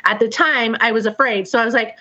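A woman's voice: a little high, fast. A middle-aged woman casually telling a personal story to a group, acting out noises and swearing freely. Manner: animated, acts out sounds and quotes, swears freely. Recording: dull lo-fi sound.

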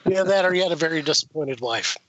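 Storyteller man, high-pitched, animated, laughs often. Close, dry, lo-fi sound. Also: quick pace, no echo. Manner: animated, acts out quoted dialogue, laughs between lines. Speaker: podcast guest telling a story. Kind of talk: casual anecdote storytelling. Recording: dull lo-fi sound.

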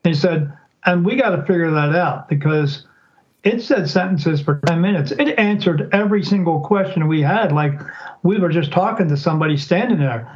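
A man's voice: fairly high pitch, normal speed, highs cut off. A man telling a story as a guest in a casual interview. He acts out what other people said by shifting his voice. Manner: animated, acts out quoted speech in changing voices. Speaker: podcast guest, psychic.

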